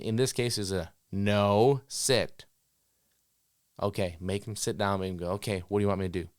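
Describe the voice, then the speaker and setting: A man who trains dogs, giving an instructional talk in a direct, coaching way and acting out owners' commands and dogs' thoughts in quick voices. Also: lowish voice, clean tone, no room sound, clean studio sound. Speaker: dog trainer.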